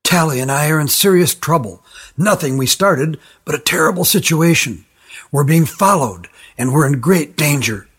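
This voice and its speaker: A man's voice: fairly high pitch, lively intonation, moderate pace, husky, heavily acted. A man voicing Jeelan, a frightened urgent youth. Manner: urgent, hushed. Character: frightened, urgent older boy on the run. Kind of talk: storybook reading.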